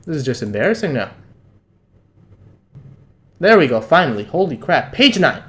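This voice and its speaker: A young man streaming a live read-along of a manga, excitable and slangy, jumping between loud outbursts and quiet muttering. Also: fairly high pitch, normal speed, long pauses.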